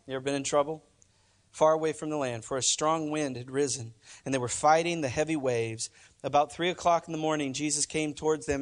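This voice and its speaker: A male pastor preaching a sermon in church, talking conversationally and emphatically, often repeating phrases. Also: on the high side.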